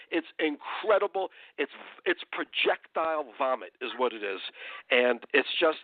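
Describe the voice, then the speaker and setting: A man's voice: a little high, animated, a little slow, no echo. A man giving a heated, profane political rant as a guest analyst, talking angrily and emphatically over a phone call. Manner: angry, profane, emphatic ranting. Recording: tinny phone line.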